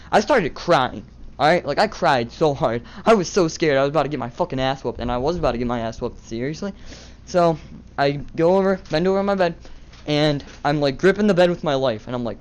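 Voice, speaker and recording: A man's voice: a little high, a little fast. A teenage boy vlogger tells a casual, rambling story, swearing and laughing at himself.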